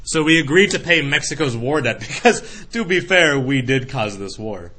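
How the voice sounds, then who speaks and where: A man teaching a history lecture in a classroom, lively and joking, acting out quick voices to explain his points. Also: mid-range voice. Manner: animated, acts out voices in analogies.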